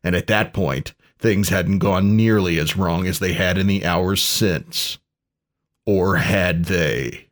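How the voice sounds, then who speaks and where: A man narrates a parody pulp story in a dry, deadpan way. His voice is fairly low, and he reads at a very unhurried pace.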